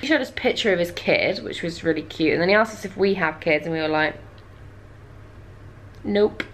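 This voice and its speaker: A woman's voice: fairly low pitch, fast talker, slight background noise. A young woman vlogger telling a travel story to camera in a chatty, casual way, laughing often and dropping dry asides.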